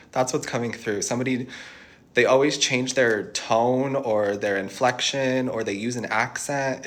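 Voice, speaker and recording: Man giving a musing tarot reading. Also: mid-range voice. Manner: reassuring, musing, thinks aloud. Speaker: tarot reader. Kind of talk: channeled tarot reading to viewers.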